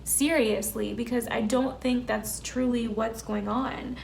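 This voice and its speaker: A woman's voice: fairly high pitch, steady tone, unhurried, vocal fry, darkish tone, a little hiss or hum. A young woman giving an earnest, emphatic tarot reading to camera in a casual way, full of "like" and "you know". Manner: earnest, emphatic, filler-heavy. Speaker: tarot reader.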